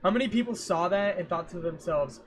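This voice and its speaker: On his livestream, a young streamer rambles loosely, tossing out jokes and talking both to himself and his chat at a fairly quick pace. His voice sits a little higher than most men's. Behind his home mic there's slight background noise, including the faint hum of a running fan.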